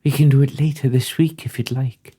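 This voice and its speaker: A man's voice: medium pitch, steady tone, fairly quick, mellow, natural voice. A man doing a coy mobster's widow. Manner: wandering put-on accent, breathy and coy. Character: grieving female mobster's widow.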